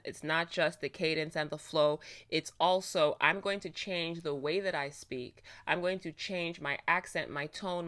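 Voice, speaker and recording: A woman's voice: sits low, clear, resonant tone. Chatty woman hosting a reaction video. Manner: animated and talkative, with frequent fillers and casual swearing; laughs often while talking. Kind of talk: casual reaction commentary. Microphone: own microphone.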